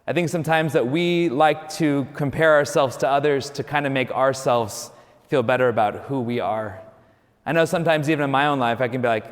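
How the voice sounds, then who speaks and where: A man, a Catholic priest, preaching a homily in a relaxed, storytelling way, often adding "you know". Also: mid-range voice, fairly quick, in a large hall.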